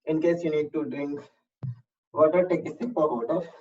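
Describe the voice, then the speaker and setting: A fitness instructor leading a workout class, calling out reps and giving calm, measured reminders to breathe. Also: medium pitch. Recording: distant, slightly dull room recording.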